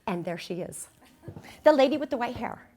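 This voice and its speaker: A woman giving a sermon, telling a personal story in an animated, self-mocking way. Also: on the high side, moderate pace, slight background noise. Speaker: speaker.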